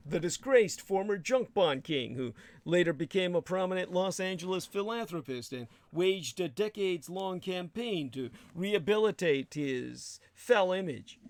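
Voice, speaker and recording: A man's voice: on the high side, no room sound. A man hosting a show, delivering an emphatic, sardonic political commentary monologue with crude asides. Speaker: show host.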